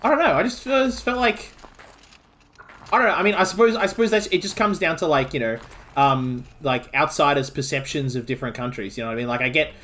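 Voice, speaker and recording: An Australian man chats casually while streaming a video game, speaking into a desk mic. His voice sits slightly higher than most men's. He rambles, restarts sentences and pads them with fillers. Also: quick pace, a bit bright.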